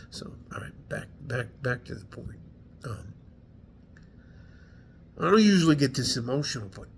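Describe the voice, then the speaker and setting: Bright-voiced man ranting with raw emotion. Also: medium pitch, very animated, normal speed, gravelly, long pauses, a little hiss or hum. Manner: heated, profane, breaks off with sighs. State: stuffy-nosed from crying. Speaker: combat veteran vlogger. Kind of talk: emotional talking-to-camera rant.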